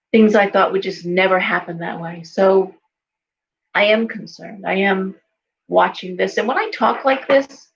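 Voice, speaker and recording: A woman's voice: mid-range voice, creaky, a bit bright, highs cut off, a little hiss or hum. A woman in her forties talking casually, a chatty storyteller who acts out the voices she quotes. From California. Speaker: psychic shop owner and host. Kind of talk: casual talk to camera.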